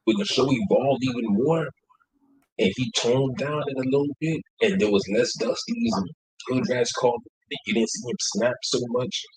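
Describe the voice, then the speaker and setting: A man co-hosts a casual podcast and talks with a lot of swing in his pitch. His voice is slightly husky, and he acts out the people he quotes with loose, profane energy. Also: lively intonation, moderate pace, low-quality recording. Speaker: podcast co-host.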